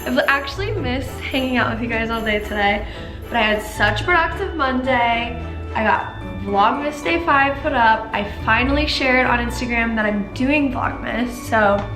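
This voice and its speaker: A woman's voice: on the high side, a little slow, over music. A woman lifestyle vlogger chatting casually and rambling a little while she cooks dinner in her home kitchen. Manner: bubbly, rambling, restarts sentences. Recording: roomy kitchen echo, faint background hiss.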